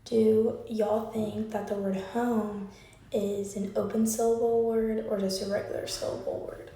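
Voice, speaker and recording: A woman's voice: medium pitch, level tone, a little slow, dark tone. A woman teaching a recorded phonics lesson, patiently asking the listener questions and leading clap-along counting drills. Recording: very echoey room, voice far from the mic.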